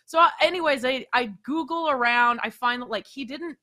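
A woman in her thirties tells exasperated stories in a casual talk-show chat. Her voice sits high and sounds bright and forceful. She often leaps up even higher to mimic the people who annoyed her. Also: a little fast.

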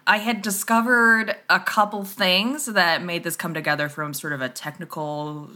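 A woman's voice: fairly low pitch, steady tone, normal speed, pushed and bright. A woman guest in a casual interview, talking in a rambling way with many fillers and restarts and laughing often.

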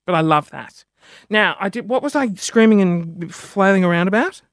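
A man hosting his own podcast in casual solo chat, rambling and self-mocking with quick asides and audible sniffing between phrases. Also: high voice, animated, no echo, clean studio sound. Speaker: podcast host.

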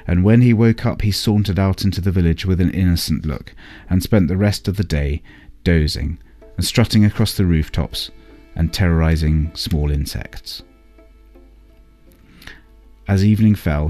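A man reads a bedtime story aloud in a calm, unhurried way. His voice sits very low, and faint instrumental music runs underneath.

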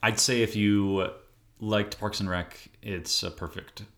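A man with a very low voice chats casually as a podcast co-host. He talks in a laid-back, playful way, easygoing and unhurried. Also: steady tone, a bit bright. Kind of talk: casual chat.

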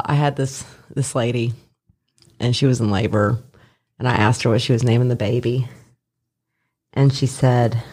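A woman with an extremely low-pitched voice, formerly a labor and delivery nurse, tells stories in casual chat. She's animated and profane, acts out other people's voices, and laughs often.

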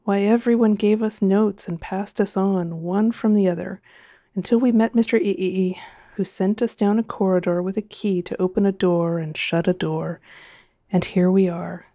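Lady reading as a tired confused space captain, stammery questions, mellow and dry. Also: mid-range voice, fairly even intonation, moderate pace, no echo, close to an everyday voice. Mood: grim. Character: weary bewildered male spaceship captain.

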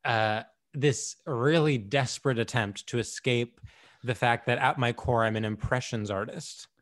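A man's voice: medium pitch, unhurried, a bit bright. A young man co-hosting a podcast in casual chat, playful and self-mocking, often laughing at himself. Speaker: podcast co-host.

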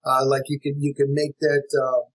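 A man who is a jazz musician and teacher, talking in a relaxed interview in a reflective way, with many fillers and restarts. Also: mid-range voice, moderate pace, low-quality recording.

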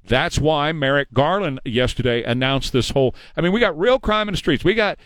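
A man's voice: a little high, expressive, fairly quick, fairly bright tone, no echo. A man hosting a talk radio show in a studio, emphatic, ranting and sarcastic.

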